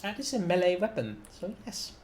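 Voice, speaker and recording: Male game master, slightly high voice, relaxed delivery, echoey room with faint hiss. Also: brisk, a crowd in the background. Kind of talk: running a tabletop game session.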